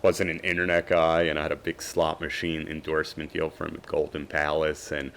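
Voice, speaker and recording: Very deep, gravelly-voiced man telling stories. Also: fairly quick. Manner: lively storyteller who acts out quoted dialogue. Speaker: podcast guest. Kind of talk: storytelling interview.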